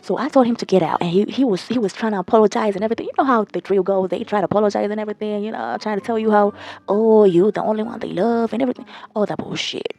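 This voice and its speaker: A young woman telling a storytime to her viewers in a blunt, profane, animated gossiping way. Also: medium pitch, racing, hardly any pauses. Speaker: storytime vlogger. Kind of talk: casual storytime chat.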